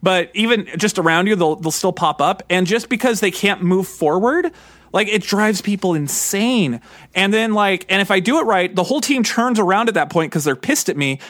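A man in his thirties co-hosting a podcast, chatting excitedly and rambling with lots of fillers. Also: sits high, moderate pace, dry recording. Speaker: podcast co-host. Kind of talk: casual chat.

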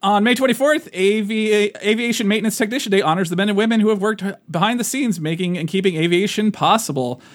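A man's voice: high voice, fast, few pauses. A man co-hosting a podcast in casual chat, teasing his friend playfully. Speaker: podcast co-host.

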